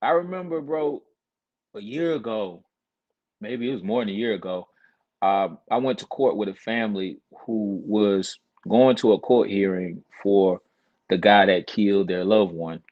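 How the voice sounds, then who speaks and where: A male talk show guest with a lowish voice who speaks earnestly. He leans on scripture and repeats words for emphasis, with a preaching tone. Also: measured pace, highs cut off. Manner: earnest, cites scripture, builds points with repetition. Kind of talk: casual chat with a preaching tone.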